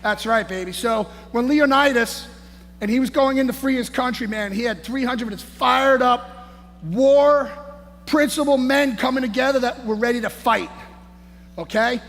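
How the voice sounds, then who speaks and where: Fired-up high-voiced man shouting in hall. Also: normal speed. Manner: hyped, shouting, keeps saying "man" and "baby". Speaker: conference speaker. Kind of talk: fired-up motivational speech. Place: large conference hall on stage. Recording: echoey hall, faint noise.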